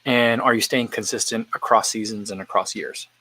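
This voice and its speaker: A man's voice: on the low side, fairly even intonation, moderate pace, bright, forceful tone, husky, poor audio. A man hosting a casual live-stream chat while eating, thinking aloud as he answers viewer questions. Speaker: running channel host.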